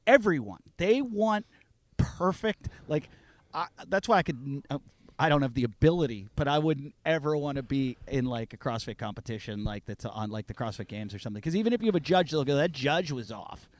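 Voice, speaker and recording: A man in casual podcast chat, telling stories and acting out the people in them with big swings in loudness. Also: mid-range voice, brisk. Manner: animated, acts out quotes with swings in volume.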